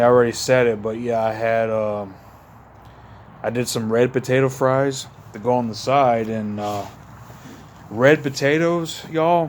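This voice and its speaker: A mid-range male voice comes through with slight background noise. The speaker is a Mississippi vlogger with a Southern drawl, a bit tipsy after a couple of beers, chatting casually to his phone camera in the backyard at night. He wanders from thought to thought in a relaxed way, calling his audience y'all.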